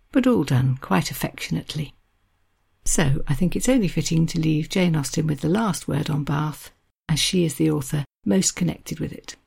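A woman host leads a narrated talk with readings, measured and appreciative. Her voice is deep and mellow, with a strong gravelly fry and a breathy, husky edge.

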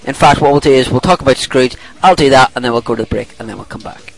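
A middle-aged man at a mid-pitched, ordinary register hosts a casual podcast. He rambles, laughs easily and trips over his words before correcting himself. He reads a listener's letter aloud in a chatty, unpolished way. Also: fast talker, vocal fry, low-quality recording. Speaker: podcast host. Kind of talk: casual chat, reading a listener email aloud.

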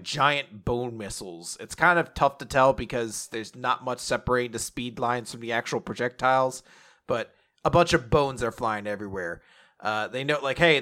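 A man's voice: medium pitch, fairly bright tone. A man hosting a podcast, loosely recapping comic chapters with lots of fillers and the odd curse. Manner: loose, filler-heavy, occasional swearing. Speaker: podcast host. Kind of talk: casual chat recapping comics.

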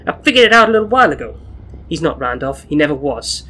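A wise-cracking black cat with a put-on Brooklyn accent, as a man voices him, pitched up and rattling along fast. The tone stays husky under the show of voice. It sounds like a storybook cat spinning his tale. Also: very animated, bright, forceful tone, full character voice. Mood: knowing.

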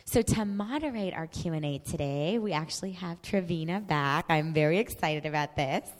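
A woman organizer giving polite, measured announcements to a congregation. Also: deep voice. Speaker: event organizer. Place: mosque prayer hall. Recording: long hall reverb.

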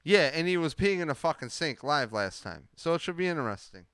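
A man's voice: fairly high pitch, very animated, a little fast, a bit bright, clear, resonant tone, no echo. A man hosting a podcast, talking in a laid-back, slangy, rambling way. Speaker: podcast host. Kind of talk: casual podcast chat.

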